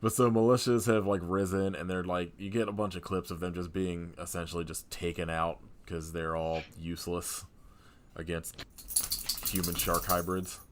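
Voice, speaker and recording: Deep-voiced man in profane podcast chat. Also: moderate pace. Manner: profane, laughs often, animated retelling. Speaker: podcast co-host. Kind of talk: casual movie review chat.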